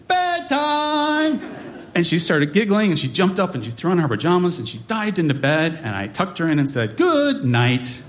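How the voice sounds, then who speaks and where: Lively wry man telling a stage story. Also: fairly high pitch, a little hiss or hum. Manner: wry, animated, mock-dramatic asides. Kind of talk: live comic storytelling to an audience.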